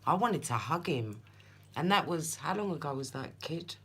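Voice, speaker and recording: A woman's voice: low-pitched, expressive, normal speed, a bit bright, husky. A woman reading tarot on a live stream, telling stories in a chatty way and talking to viewers by name. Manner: chatty, laughing storyteller who speaks to viewers by name. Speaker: tarot reader.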